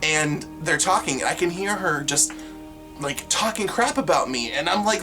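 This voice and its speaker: A young adult vlogger telling workplace stories to camera in an animated, exasperated, sarcastic way. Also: mid-range voice, normal speed, over music. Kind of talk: storytelling rant to camera.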